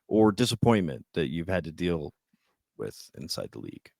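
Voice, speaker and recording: A man hosting a podcast interview, asking prepared questions in a measured way. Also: deep voice, big pitch swings, vocal fry, darkish tone, no echo, studio quality. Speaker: podcast host.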